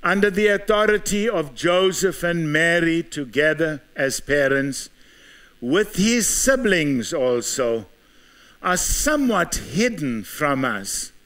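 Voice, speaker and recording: A male South African preacher delivers a sermon in a high, bright voice that swings widely up and down. He takes his time, stacking emphatic rhetorical questions one after another. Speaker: pastor.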